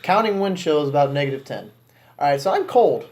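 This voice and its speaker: A young man with a slightly higher voice chats on a podcast and tells a story with plenty of swearing. His delivery is animated and his laughter spills into the telling. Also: a little fast, background noise. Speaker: podcast co-host. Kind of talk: casual chat.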